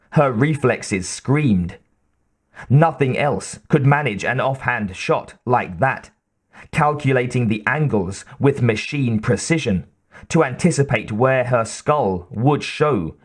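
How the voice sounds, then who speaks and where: A man reading an audiobook in a measured, even narration. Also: medium pitch.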